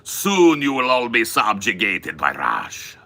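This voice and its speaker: A man's voice: on the low side, huge pitch swings, unhurried, sharp tone, full character voice. A man putting on a mock Russian accent as a boastful, threatening Russian man. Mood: gloating.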